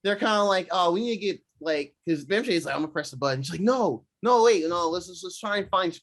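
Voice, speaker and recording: A man co-hosting a podcast, chatting casually and recapping a film, acting out quotes in excited voices. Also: high voice, fast talker. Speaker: podcast co-host. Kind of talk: casual chat recapping a movie.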